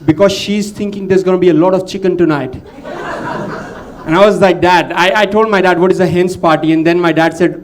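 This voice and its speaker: A man from India does stand-up in a steady, brisk voice, chatting with and teasing the crowd. At times he goes low to do an impression of his father.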